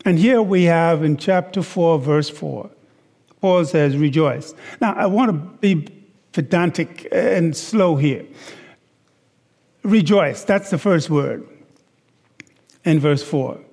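A man preaching a sermon, slow and deliberate, stressing words and asking the congregation rhetorical questions. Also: on the high side, gravelly, darkish tone. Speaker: pastor. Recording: long hall reverb.

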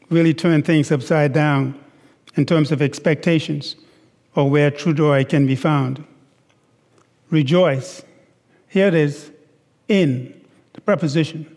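A man preaching a sermon, slow and deliberate, stressing words and asking the congregation rhetorical questions. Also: on the high side, darkish tone. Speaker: pastor. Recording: long hall reverb.

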